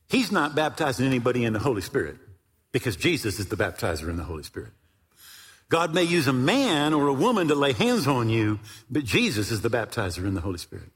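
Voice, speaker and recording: An older man preaching a sermon as a pastor, telling a story with animated delivery and bursts of shouting. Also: mid-range voice, breathy edge. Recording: long hall reverb.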